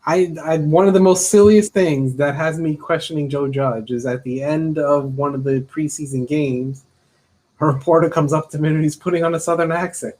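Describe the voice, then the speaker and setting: A man co-hosting a sports podcast, easygoing and quick to laugh. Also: fairly high pitch, fairly even intonation, darkish tone. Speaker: podcast co-host. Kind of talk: casual sports talk.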